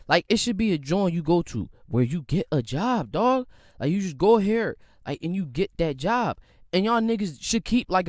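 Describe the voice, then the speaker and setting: Young man, podcast host, profane rant, lively swooping high voice, dry close mic. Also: no room sound. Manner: profane, animated ranting with mocking quoted voices. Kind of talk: casual solo podcast rant. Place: home room at a computer.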